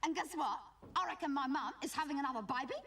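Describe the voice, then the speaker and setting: In a live sketch comedy monologue, a woman plays a cheeky, gossipy Australian teenage schoolgirl, whiny and nasal, saying "like" and "guess what" a lot. Her voice is high and quick, picked up by a distant stage mic amid loud audience laughter.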